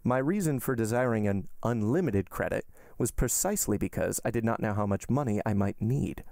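A man voicing a suave, ironic wealthy count in an audiobook reading, smooth and politely mocking. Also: on the low side, expressive, a little fast, a little mellow, dry recording, studio quality. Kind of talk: audiobook character voice.

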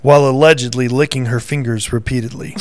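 A man's voice: medium pitch, steady tone, brisk, no room sound. A man co-hosting a casual faith podcast, teasing his co-host and reading news headlines aloud in a playful quiz. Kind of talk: casual chat, quiz game.

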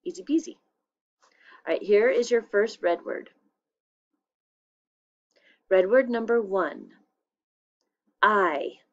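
Slow-talking woman teacher dictating spelling words. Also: medium pitch, highs cut off. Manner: slow, clear dictation that repeats each word. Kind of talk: spelling test dictation for young children.

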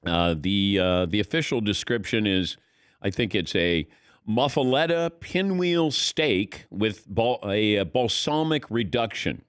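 Lively-voiced male radio host. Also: fairly low pitch, measured pace, clear, resonant tone, no room sound, clean studio sound. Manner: teasing, laughs often. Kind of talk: casual studio banter.

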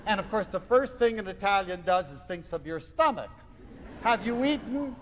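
A man giving a lecture to an audience, telling a personal story in a theatrical, expressive way. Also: high voice, brisk, long reverb tail, a little hiss or hum. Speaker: lecturer on love.

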